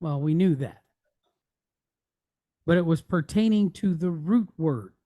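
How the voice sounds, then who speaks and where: A woman's voice: low-pitched, animated, a little slow, dark tone, no echo, dull audio. A woman teaching a Hebrew reading lesson, patiently naming each letter and vowel point and checking in with the class as she goes. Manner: checks in with frequent "right?".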